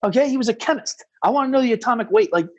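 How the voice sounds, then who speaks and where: A man telling stories as a guest on a casual podcast, animated and rambling, with lots of fillers. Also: very high-pitched, very fast, dull audio. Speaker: podcast guest, combat rescue officer.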